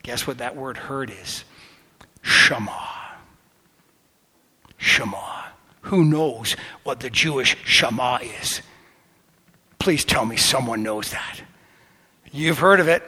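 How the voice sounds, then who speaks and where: A man preaching a sermon as pastor, impassioned, swinging between loud exclamations and hushed whispers. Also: mid-range voice, measured pace, long pauses, breathy edge. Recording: long reverb of a large hall.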